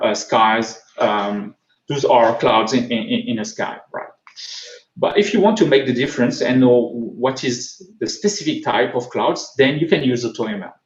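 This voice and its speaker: Male conference speaker, French accent, hesitant delivery full of fillers, mid-pitched, roomy and slightly dull recording. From France. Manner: halting, frequent repeats and fillers. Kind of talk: technical conference talk.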